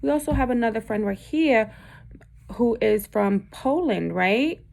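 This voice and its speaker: Gravelly-voiced woman teacher reading aloud. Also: a little high, animated, a little mellow. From Puerto Rico. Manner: pauses often to ask the class questions. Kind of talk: reading a picture book aloud to a class.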